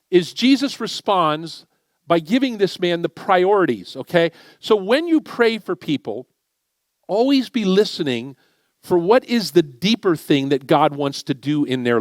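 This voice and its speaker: A middle-aged man preaching as a guest speaker in a church, telling a story in a conversational, animated way and acting out the dialogue. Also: fairly high pitch, no room sound. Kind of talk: storytelling sermon. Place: church sanctuary.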